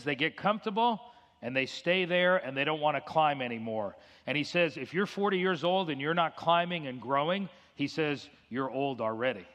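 A middle-aged male pastor delivers a sermon with a slightly raised pitch. His style is conversational, and he acts out dialogue as he tells his stories. The voice rings with the long reverb of a church hall. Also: a bit bright. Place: church sanctuary.

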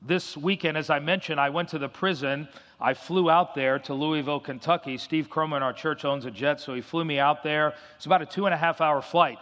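A middle-aged man preaching a sermon, emphatic, repeating his key phrases and reading scripture slowly. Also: fairly high pitch, fairly even intonation, a bit bright. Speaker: pastor. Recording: long hall reverb.

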